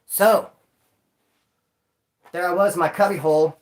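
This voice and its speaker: A man's voice: high voice, slow. Man, stream host, casual slangy storyteller who acts out the sounds and voices. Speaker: livestream host telling prison stories. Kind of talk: casual storytelling to a live audience.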